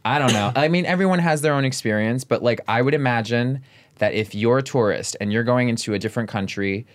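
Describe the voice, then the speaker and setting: A man's voice: mid-range voice, fairly quick. A man guesting on a podcast, chatting casually and filling his talk with "like.". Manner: chatty, fills with "like" constantly. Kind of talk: casual conversation.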